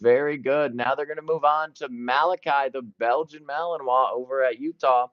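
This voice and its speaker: A man giving excited live play-by-play commentary, jumping quickly from one event to the next, on a dull lo-fi stream recording. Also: medium pitch, no echo. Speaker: sports commentator.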